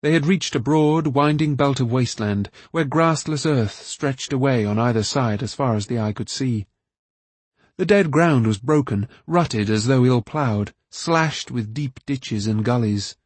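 Man, audiobook narrator, husky tone, mid pitch, measured storytelling. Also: no room sound.

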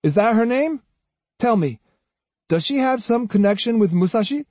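A man's voice: very high voice, expressive, moderate pace, a little mellow, no echo, voice pushed up. A man voicing an arrogant, contemptuous male swordsman who questions people in a surly, condescending way. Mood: surly, probing.

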